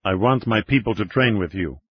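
A man voicing a serious Russian security major who speaks formally and gravely in an audiobook. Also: fairly low pitch, normal speed, no echo, muffled recording.

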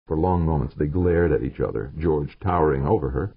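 Tiefer, knarrender Erzähler. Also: male voice, a bass voice, fairly quick, creaky, hardly any pauses, breathy edge. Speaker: audiobook narrator. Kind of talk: scripted narration. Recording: narrow phone-like sound, dry.

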